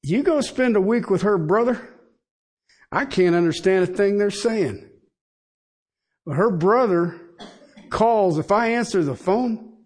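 In a high voice and at a slow pace, a man preaches a sermon as a pastor. He keeps it conversational, tossing in asides and rhetorical questions.

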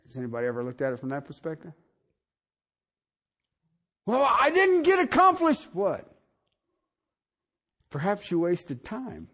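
A middle-aged male pastor preaching a sermon, swinging from soft asides to shouted emphasis. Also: high-pitched, wildly swooping pitch, measured pace, long pauses.

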